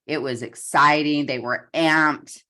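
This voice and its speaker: A woman's voice: deep voice, slow. A woman coaching on a casual business call, telling stories and acting out quotes with energy. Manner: animated storyteller, acts out quotes.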